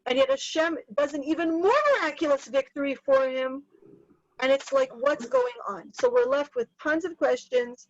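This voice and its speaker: A woman teaching a casual Torah lesson, chatty and lively, tossing in Hebrew terms and quick asides. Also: sits high, muffled recording. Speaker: Bible teacher.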